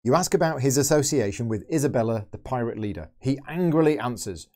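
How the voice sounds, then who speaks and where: A man's voice: medium pitch, lively intonation, fast talker, hardly any pauses, a little mellow. A man hosting a board game channel, thinking aloud as he plays through a solo game and explains each move. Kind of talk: solo game playthrough commentary.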